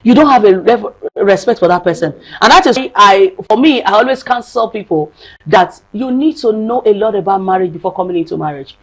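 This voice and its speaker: A woman's voice: mid-range voice, animated, brisk, low-quality recording. A woman, a psychologist and marriage counselor speaking as a guest on a studio talk show, earnest and emphatic, repeating phrases for stress.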